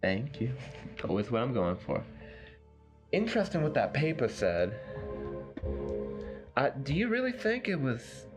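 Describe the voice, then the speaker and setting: A man's voice: medium pitch, huge pitch swings, measured pace, pauses often, music in the background. A man in a tabletop game, speaking for his character and describing what she does, with many fillers. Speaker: tabletop player.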